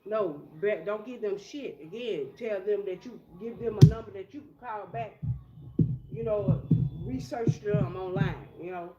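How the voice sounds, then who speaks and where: A woman's voice: mid-range voice, measured pace, dull audio. A woman doing a casual tarot reading in a blunt, profane, streetwise way. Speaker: tarot reader. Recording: echoey room with loud music.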